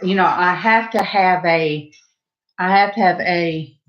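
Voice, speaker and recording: A woman's voice: on the low side, unhurried. Middle-aged southern lady rambling along while painting, easy chatty asides, kinda dull lo-fi sound. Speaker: painting livestream host. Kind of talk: casual chat while painting.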